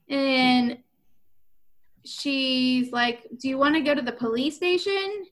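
A woman's voice: sits high, takes it slowly. A woman chatting casually, retelling a book plot and acting out the characters' lines with lots of "like". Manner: animated storyteller, voices characters with filler "like". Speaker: podcast co-host retelling a book. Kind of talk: casual chat, retelling a story with quoted voices.

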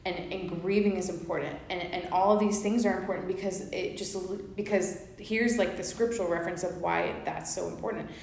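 A woman's voice: on the low side, fairly even intonation, a little fast, vocal fry, hardly any pauses, darkish tone, a little hiss or hum. A woman co-hosting a faith podcast, explaining scripture in an earnest, casual way with many fillers. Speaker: podcast co-host. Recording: very echoey room with faint ambience.

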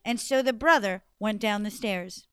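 A woman telling a funny traditional story with expressive delivery and dramatic pauses. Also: medium pitch, clean tone, no echo. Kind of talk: animated storytelling.

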